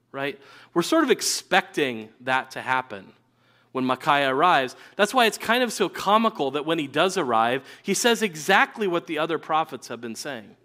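A man's voice: a little high, a bit bright. A man preaching a sermon in a conversational way, acting out quotes of biblical figures.

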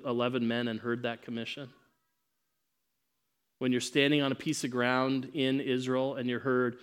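A man preaching a sermon, emphatic, swinging between loud proclamation and quiet asides. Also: mid-range voice.

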